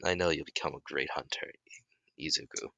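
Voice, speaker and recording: A caring middle-aged father, as a man puts him on with a deep, low voice. The tone is bright and forceful, and the delivery is halting. The sound is dry and close. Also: fairly even intonation, gravelly, no echo, full character voice. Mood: tender.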